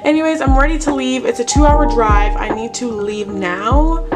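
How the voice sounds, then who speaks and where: Bubbly high-voiced young woman vlogging. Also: moderate pace, over loud music. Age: young adult. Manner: excitable and gushing, full of "like". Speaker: college student vlogger. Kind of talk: casual vlog chat.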